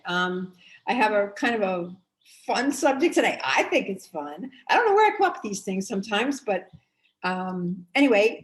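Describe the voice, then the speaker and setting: A woman's voice: mid-range voice, poor audio. A middle-aged woman hosting a casual painting tutorial, chatty and upbeat, often rambling with "anyway" and "um". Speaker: art teacher and host.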